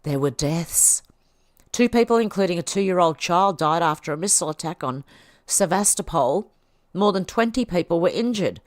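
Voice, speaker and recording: An Australian woman hosts a livestream, reading posts aloud and reacting chattily. Her voice is on the low side and animated, with a moderate pace, and the studio-quality recording has no echo.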